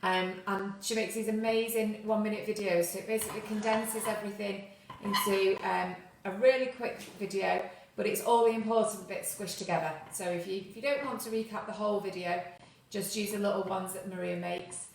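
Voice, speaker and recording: A woman's voice: mid-range voice, fairly even intonation, a little fast, vocal fry, hardly any pauses, a little hiss or hum. A woman co-hosting a live cooking stream from behind the camera, reading out comments and reminders. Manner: reads viewer comments, gives reminders. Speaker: co-host on camera duty. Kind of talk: casual live chat. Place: home kitchen. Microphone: far from camera mic. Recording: very echoey, distant kitchen sound.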